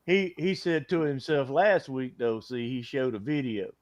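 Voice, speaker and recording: A man's voice: medium pitch, expressive, normal speed. Teasing man chatting on a call. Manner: teasing, laughs often. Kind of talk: casual group chat.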